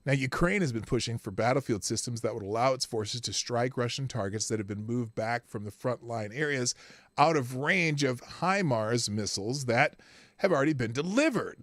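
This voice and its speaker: A man's voice: medium pitch, normal speed, no echo. A man hosting a live news commentary show, sarcastic and rambling as he reads and reacts to stories. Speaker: host.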